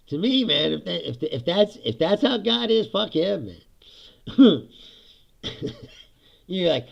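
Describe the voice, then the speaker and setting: A man's voice: sits high, big pitch swings, slow pace, long pauses. A man hosting a casual ranting monologue, profane and laughing often as he talks. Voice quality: gravelly. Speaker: podcast host. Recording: dull lo-fi sound.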